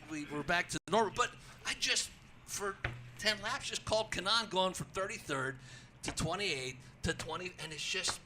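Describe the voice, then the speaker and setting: A man who works as a racetrack announcer, telling stories in a radio interview in an excitable way, acting out his own calls and restarting his sentences often. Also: a little high, a little hiss or hum. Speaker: racetrack announcer, show guest. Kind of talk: animated storytelling in a radio interview.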